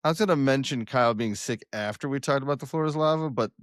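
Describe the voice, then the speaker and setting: A young man hosting a podcast, joking loudly with a flat announcer-like delivery. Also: medium pitch, quick pace, dry recording, clean studio sound. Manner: loud, joking, self-described monotone announcer delivery. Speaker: podcast host. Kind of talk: casual podcast chat.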